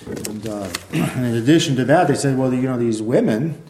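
A man with a warm, mellow voice gives a sermon, talking in a loose, conversational way and filling his speech with small asides. He reads scripture aloud between his own comments. The sound carries a roomy echo, as in a church hall. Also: medium pitch, moderate pace, a little hiss or hum. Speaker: preacher. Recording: echoey room.

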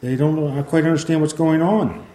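A man preaching a sermon in a relaxed, conversational way, with many fillers, who reads passages of scripture aloud. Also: fairly high pitch, moderate pace. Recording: echoey room.

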